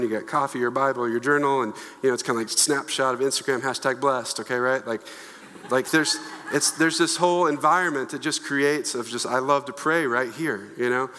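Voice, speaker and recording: A man preaching a conversational, lively sermon with a bright, forward tone. His voice carries a long echo from the church hall around him, and he keeps slipping in playful asides. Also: medium pitch. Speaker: pastor.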